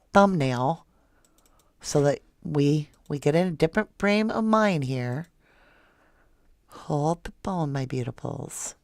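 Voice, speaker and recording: A woman's voice: deep voice, a little mellow, no room sound, clean studio sound. A woman hosting a live true crime stream, chatting casually and emotionally with viewers and reading their comments aloud. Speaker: true crime livestream host. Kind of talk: casual livestream chat with viewers.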